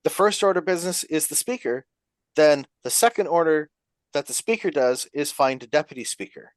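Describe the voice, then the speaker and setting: A man with a slightly raised pitch explains procedure point by point. His intonation is lively and rises and falls a lot as he chats casually on a podcast. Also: brisk, no room sound. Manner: explanatory, walks through procedure.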